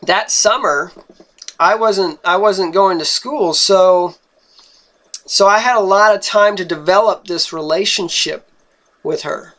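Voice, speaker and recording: A young man telling a personal story in an earnest, halting way, often repeating words and restarting. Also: high-pitched, bright, forceful tone.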